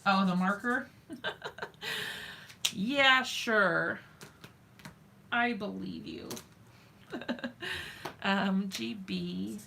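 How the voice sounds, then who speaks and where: Woman streamer, unhurried delivery, vocal fry, chatty and self-mocking with her viewers. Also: mid-range voice, noisy background. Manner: talks to viewers while working, thinks aloud, self-mocking. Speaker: craft live stream host. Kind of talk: chatty live crafting demo.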